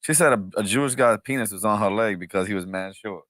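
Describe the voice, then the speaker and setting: A man's voice: lowish voice, fast, no echo. A man co-hosting a podcast in casual chat, asking questions and laughing. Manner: asks questions, laughs, lively and swearing. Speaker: podcast co-host.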